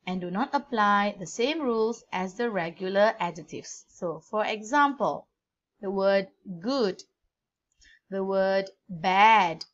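Malaysian english lady teacher, real slow, spells words out letter by letter, kinda dull lo-fi sound. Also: medium pitch, fairly bright tone. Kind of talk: grammar lesson.

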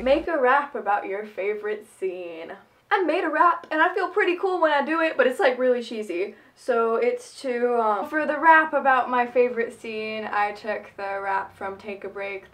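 A teenage girl chatting casually as a fan vlogger at home, answering questions and doing dares, giggly and excitable. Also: a little high. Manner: giggly and excitable, quick bursts of enthusiasm. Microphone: phone camera.

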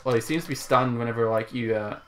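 A young man co-hosting a casual let's play, getting excited and shouting at the game. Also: mid-range voice, fast talker. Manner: excitable, jumps to shouts while watching the game. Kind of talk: casual gaming chat.

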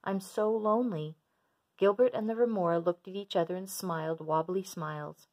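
A woman gently reading a children's storybook aloud in a steady storyteller voice. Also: on the low side, brisk.

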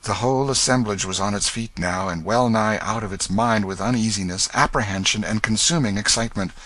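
A man reading a classic novel aloud as an audiobook narrator, in a steady storytelling manner. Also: lowish voice, a little fast, no room sound.

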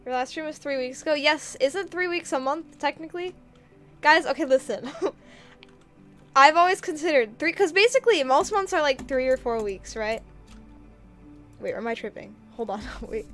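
A woman's voice: sits high, moderate pace, a bit bright, faint music behind. A woman streaming a game, chatting casually in a bubbly, giggly way while reading chat aloud.

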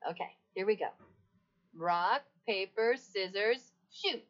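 A synthetic woman's voice playing a polite, playful female AI voice assistant, with a breathy tone and even, polished delivery. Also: medium pitch, takes it slowly. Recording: dull lo-fi recording of a device speaker.

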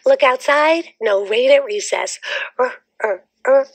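A woman's voice: high voice, animated, slow pace, no room sound. A woman teacher leading young children in a sing-song phonics chant, sounding out letters rhythmically.

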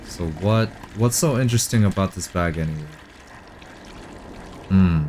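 A young man streaming live and commenting on a game as he plays. He jokes along and jumps into high, excited cries. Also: measured pace, slight background noise. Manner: reactive, jokey, breaks into high excited exclamations. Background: game music.

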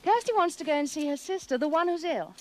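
A bored, flirtatious aristocratic lady from a 1970s television drama. Her voice sits high and swoops widely as she coaxes in a breathy, languid way. There is a faint hiss behind it. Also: animated, fast, darkish tone. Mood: restless coaxing. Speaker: lady of a Scottish estate.

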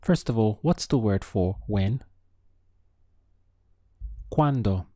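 A man giving a language lesson in a slow, deliberate way, spelling out each phrase with care. His voice sits a little low. The sound is dry and close, with no room around it. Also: expressive, warm tone, no echo. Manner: slow, careful enunciation of phrases. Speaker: language teacher.

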